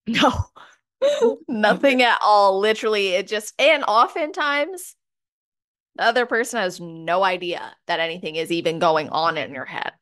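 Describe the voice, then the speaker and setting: A podcast host with a mid-pitched woman's voice shares examples in relaxed, chatty conversation. She tells little stories with casual fillers along the way. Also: a little slow.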